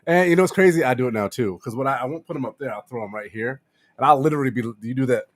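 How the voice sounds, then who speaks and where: A man co-hosting a podcast, chatting casually, loud and excitable, swearing freely. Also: mid-range voice, rapid-fire, no room sound. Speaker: podcast co-host. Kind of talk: casual chat.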